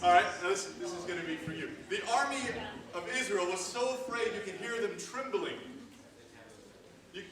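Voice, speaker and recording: A man's voice: high-pitched, moderate pace, crowd noise. A man hosting a youth ministry sound effect skit, talking in a playful, teasing, sarcastic way to a live audience. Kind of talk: live comedic audience game. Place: large hall with live audience. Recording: echoey hall from far off, audience noise.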